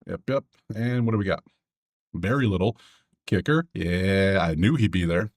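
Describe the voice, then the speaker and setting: A man hosting his own sports betting video, talking loosely to himself as he clicks through stats. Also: deep voice. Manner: loose, chatty, talks to himself, quick asides. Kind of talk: casual solo commentary over a screen.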